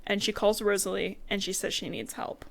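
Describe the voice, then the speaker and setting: A woman's voice: medium pitch, little pitch movement, fairly quick, gravelly. A young woman co-hosting a podcast, recapping a book in casual chat, swearing freely and acting out characters' lines. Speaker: podcast co-host.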